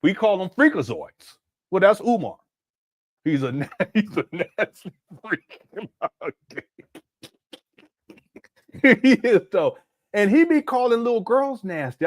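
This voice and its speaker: A man's voice: high voice, no room sound, studio quality. Incredulous man from Southern California. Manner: incredulous, mocking, conversational. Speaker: commentary channel host. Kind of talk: casual video commentary.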